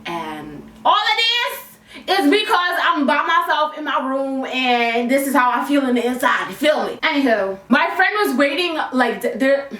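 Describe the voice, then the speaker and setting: A woman's voice: high-pitched, normal speed, few pauses. A young adult woman telling a storytime tale from her bedroom, in a playful, slangy, conversational way. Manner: animated, playful and conversational, with a raised on-camera voice. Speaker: YouTuber telling a personal story. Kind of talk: storytime vlog, casual slangy chat. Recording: echoey room, mic at a distance.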